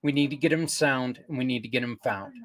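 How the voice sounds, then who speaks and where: An older man hosting a podcast, earnestly pitching community partners in a rambling, casual way with many restarts. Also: a little fast, a bit bright. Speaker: podcast host. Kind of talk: casual promotional talk.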